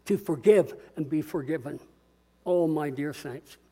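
An older man preaching a sermon as pastor, earnest and swinging between quiet reflection and rousing call-and-response. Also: fairly high pitch, a little slow, slightly rough.

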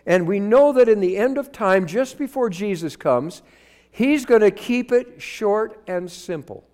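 A man preaching a sermon into a microphone, his high voice leaping up and down as he fires rhetorical questions at the congregation. The sound rings with a long hall reverb. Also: expressive, measured pace, darkish tone. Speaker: pastor.

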